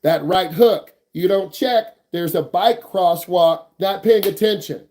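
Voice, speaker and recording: Hyped high-voiced male driving instructor. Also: slow, mellow. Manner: hyped, slangy, jokey, repeats questions. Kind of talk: energetic online class teaching.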